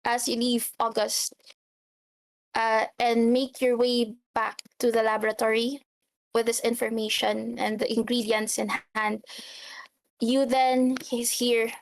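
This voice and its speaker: A woman narrating as game master of a tabletop game in a casual, unhurried way. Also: fairly high pitch, level tone, a little hiss or hum.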